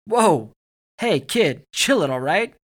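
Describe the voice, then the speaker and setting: A man voicing a young male soldier who shouts urgently and sounds tense. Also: high voice, sing-song, takes it slowly, voice pushed up, heavily acted. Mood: alarmed shouting.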